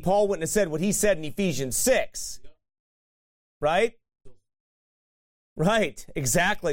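A man preaching, slightly higher than the usual male voice. He teaches in an easygoing, conversational way, throwing frequent "right?" asides to the room and chuckling at his own lines. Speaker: pastor. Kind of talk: sermon teaching.

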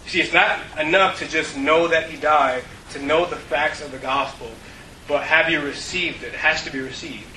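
A man preaching an earnest sermon to his congregation, telling stories and dropping to a hush for the key points. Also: fairly high pitch, steady tone, moderate pace. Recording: roomy, distant mic with faint hiss.

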